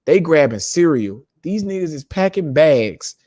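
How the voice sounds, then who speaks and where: A man's voice: fairly high pitch, big pitch swings, measured pace, dark tone, no echo. Profane man telling a loose story, dry sound. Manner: profane, loose, laughing storyteller who acts out quotes. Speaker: podcast host. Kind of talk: casual comedic storytelling. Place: home studio with lights and microphones.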